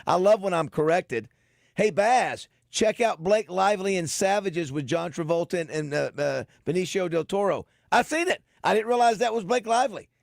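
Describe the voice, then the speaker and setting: A man hosting a casual radio show, halting and repeating words as he talks. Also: high voice, vocal fry, dry recording, studio quality. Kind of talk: casual sports radio banter. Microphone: studio microphone.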